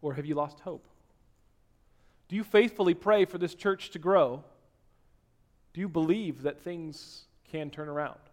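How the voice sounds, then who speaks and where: A man preaching a sermon, dropping to hushed tones and then rising to loud, emphatic exhortation. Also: a little high, measured pace, long pauses. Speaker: pastor.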